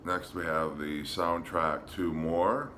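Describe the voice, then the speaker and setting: Low-voiced guy chatting about his records, lots of ums, crisp bright tone, little hiss in the room. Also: slow. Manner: relaxed, hesitant with frequent ums. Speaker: vinyl collector showing records. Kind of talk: casual show-and-tell vlog.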